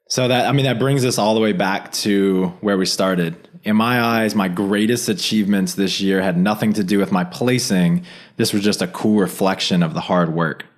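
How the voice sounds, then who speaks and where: Enthusiastic podcast host, lower voice. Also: male voice. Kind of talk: casual interview.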